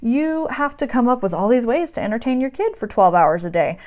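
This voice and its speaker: A woman's voice: a little high, big pitch swings, brisk, a little mellow. A woman in her thirties talking straight to camera about motherhood and self-care, emphatic and direct, often checking in with "right?" and "okay?". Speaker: vlogger and mother giving self-care advice. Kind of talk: direct-to-camera advice talk.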